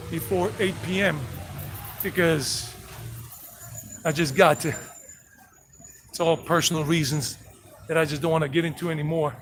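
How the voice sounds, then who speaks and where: A travel vlogger with a high-leaning, fairly bright voice gives a casual walking tour on a live stream through town streets. He's chatty and full of joking asides, with noisy traffic, street sounds, and passing vehicles in the background.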